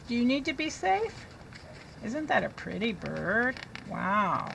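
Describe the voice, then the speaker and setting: A woman teaching young children to read, reading a picture book aloud in a slow, sing-song way and sounding out letters. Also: a little high, expressive, creaky, fairly bright tone, slight background noise, rough recording.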